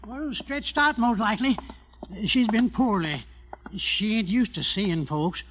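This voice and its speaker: A timid ranch hand speaks in a hesitant, stammering drawl with a very high voice. The recording is dull and lo-fi, like an old film soundtrack. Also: male voice, measured pace.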